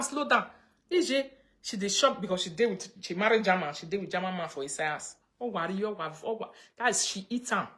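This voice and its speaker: Chatty Nigerian woman, low voice. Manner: chatty, mixes pidgin and English, breaks into laughter. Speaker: livestream host. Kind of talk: casual chat reading viewer comments.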